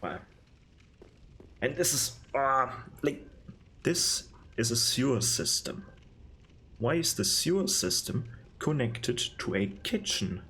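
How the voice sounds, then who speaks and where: A man's voice: mid-range voice, big pitch swings, takes it slowly, long pauses, pushed and bright. A man giving casual, sarcastic gameplay commentary, rambling and disgusted. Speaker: gaming video host.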